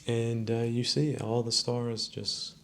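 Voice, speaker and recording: A man hosting a podcast, musing in a slow, preachy mock-sermon monologue with a gravelly voice. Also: medium pitch, monotone. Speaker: podcast host. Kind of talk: rambling comedic monologue.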